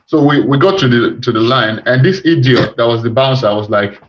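A man chatting casually, telling an animated and indignant story. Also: mid-range voice, brisk, a little hiss or hum. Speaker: podcast co-host. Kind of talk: casual chat. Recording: roomy, dull lo-fi audio.

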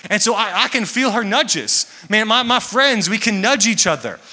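A man's voice: high voice, animated, moderate pace, pushed and bright. A young man preaching to a church congregation, talking casually and joking. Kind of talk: sermon. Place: large church hall. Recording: echoey hall with long reverb.

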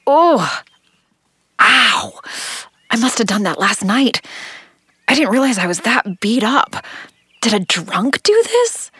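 A woman's voice: a little high, sing-song, slow pace, long pauses, bright, forceful tone, breathy edge, no echo, exaggerated voice. An actress playing a battered, hungover young woman with a stuffed-up nose, curt and irritable. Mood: pained. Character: battered, hungover young woman security operative, bitter and numb.

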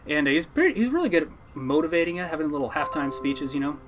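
Male fisherman guest, quick and a bit high-pitched, loose casual anecdote style with restarts. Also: sing-song, background noise. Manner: rambling, with frequent restarts and fillers. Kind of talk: casual storytelling.

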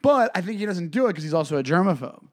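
Cast a slightly higher-voiced man as a rambling podcast co-host, heavy on filler words. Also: very animated, quick pace. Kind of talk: casual comedic chat.

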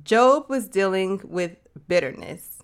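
A woman's voice: medium pitch, animated, slow, clean tone. A woman hosting a podcast, teaching about the Bible in a casual, chatty way and calling the listener sis. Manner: chatty, addresses listener as sis, slangy asides. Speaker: podcast host.

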